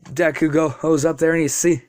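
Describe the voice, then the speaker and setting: A young man tells a fan story off the cuff, stumbling, restarting and tossing in asides. His voice sits a little high for a man, and the recording is dry and close with no room sound. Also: level tone, normal speed, a little mellow, no room sound. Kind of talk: casual fan story narration.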